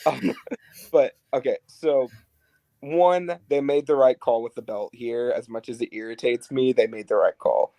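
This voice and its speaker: A man co-hosting a podcast in casual chat, animated and full of fillers. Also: mid-range voice, unhurried, no room sound. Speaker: podcast co-host.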